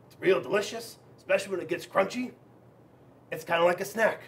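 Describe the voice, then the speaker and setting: A man voicing a slow, contented male snail who loves eating slime, with a drawling manner. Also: high-pitched, creaky, fairly bright tone, recorded from a distance.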